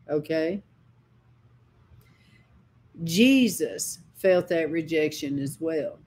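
Slow, impassioned woman preacher. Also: mid-range voice, a little mellow. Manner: impassioned, dramatic storytelling with sudden cries. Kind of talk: sermon with personal testimony.

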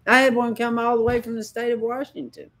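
A woman's voice: a little high, flat delivery, brisk, a bit bright. A woman preacher giving a sermon, telling a dream as personal testimony in a dramatic, impassioned way with sudden cries.

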